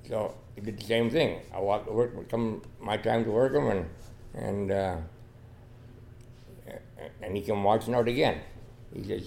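In a casual storytelling interview, an older podcast guest who trials dogs rambles through a long folksy tale, restarting often and repeating "you know." His voice is on the low side, creaky and a little mellow, unhurried with long pauses, and there is slight background noise.

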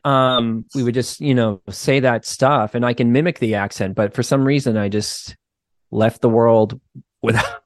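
A man's voice: medium pitch, measured pace, no echo, clean studio sound. A man with a faint Boston accent, a therapist guest telling a story in a casual podcast conversation, full of "like" and "you know". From Boston area, United States. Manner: animated storyteller, many "like" and "you know" fillers.

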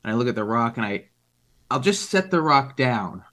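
A man's voice: medium pitch, very animated, moderate pace, sharp tone. A man playing a tabletop game, describing his moves in a rambling way full of fillers. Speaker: player. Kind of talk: casual tabletop play.

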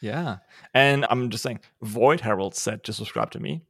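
A man chats on his podcast in a laid-back, joking way and swears freely. His voice sits at an ordinary pitch. The sound is dry and close, with no room around it. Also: moderate pace, gravelly, slightly rough, dry recording. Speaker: podcast host and author. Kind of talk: casual podcast chat.

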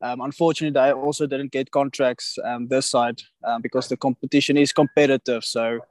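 A rugby player as a podcast guest, speaking hesitantly with many pauses and restarts. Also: male voice, medium pitch, steady tone, no echo. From South Africa. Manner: hesitant, many ums and restarts, laughs easily. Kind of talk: casual podcast interview.

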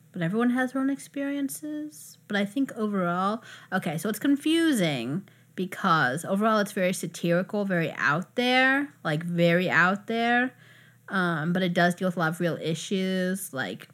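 A woman co-hosting a podcast, chatting in an animated, talkative way about a TV show. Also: mid-range voice, moderate pace. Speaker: podcast co-host. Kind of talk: casual chat about TV and movies.

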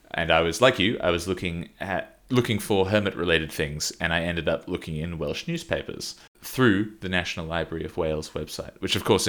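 Low-voiced man telling a rambling story. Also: fairly bright tone. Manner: rambling storyteller, laughs often. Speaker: podcast co-host. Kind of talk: casual podcast chat.

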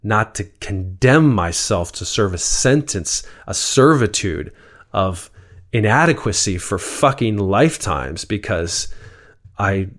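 Male podcast guest, a spiritual healer: earnest and candid, swears freely, voice sits a little low. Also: expressive, slow. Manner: earnest and openly swearing, acts out quoted voices. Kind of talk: reflective conversational talk.

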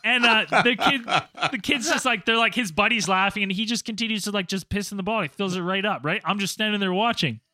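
A man telling a casual story to friends, animated and profane, acting out quotes loudly. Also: high voice, fast talker, few pauses, no room sound. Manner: animated, acts out quotes, swears a lot. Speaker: storyteller, former teacher abroad.

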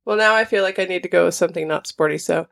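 Woman, lowish voice, chatty quiz guesser who laughs and thinks aloud. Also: very fast, gravelly. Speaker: quiz player. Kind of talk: casual chat.

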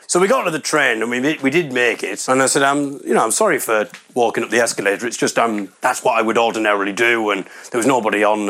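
A man's voice: medium pitch, fairly bright tone. Wry rambling man telling stories. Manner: rambling, wry, self-deprecating. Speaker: comedian. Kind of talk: comic storytelling monologue.

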